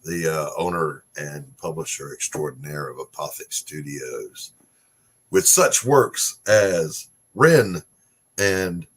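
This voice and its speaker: A man's voice: extremely low pitch, lively intonation, slow pace, fairly bright tone, slightly rough. A middle-aged man hosting a podcast, rambling and self-deprecating as he chats with his guests. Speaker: podcast host. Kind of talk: casual chat.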